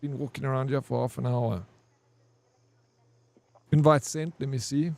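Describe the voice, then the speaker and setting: A man's voice: medium pitch, steady tone, normal speed, creaky, darkish tone, no echo. A man streaming a game, rambling and crude as he tells a long army story to his chat. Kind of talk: casual gaming stream storytelling.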